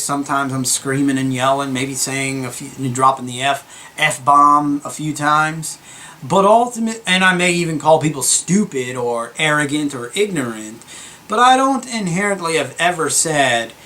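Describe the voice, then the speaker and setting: A young man hosting his gaming channel, giving a calm, earnest opinion monologue with many fillers and restarts. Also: a little high. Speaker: gaming YouTuber.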